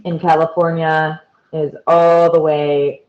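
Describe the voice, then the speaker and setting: Woman teacher, measured and deliberate, repeats key words, slow delivery, lo-fi sound. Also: low-pitched, little pitch movement. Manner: patient, repeats key words and points to examples. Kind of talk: slow, deliberate classroom explanation.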